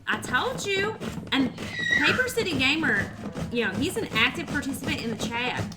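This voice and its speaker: A woman hosts a casual cooking livestream, chatting with and teasing her viewers as she reads their messages. Her high voice is very animated at a moderate pace, with heavy background noise behind it.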